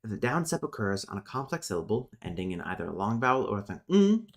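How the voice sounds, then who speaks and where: A man's voice: fairly low pitch, big pitch swings, fast talker. Man reading linguistics notes aloud. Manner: thinks aloud, breaks off with muttered asides. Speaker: streamer teaching linguistics. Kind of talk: casual live-stream lesson, reading notes aloud.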